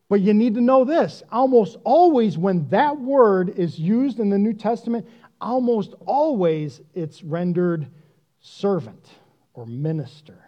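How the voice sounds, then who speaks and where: High-voiced man preaching with lively talk. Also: highs cut off. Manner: conversational, self-deprecating, animated. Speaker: pastor. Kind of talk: sermon.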